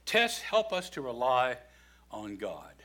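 A man preaching a sermon, lively and expressive, acting out the voices in his story. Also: mid-range voice, slow pace. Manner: animated preaching, acts out quoted voices. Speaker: pastor.

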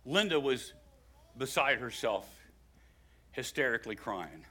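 An older man from West Virginia with a West Virginian accent, preaching a sermon that swings from hushed storytelling to loud, emphatic preaching. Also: medium pitch, very animated, measured pace. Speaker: pastor.

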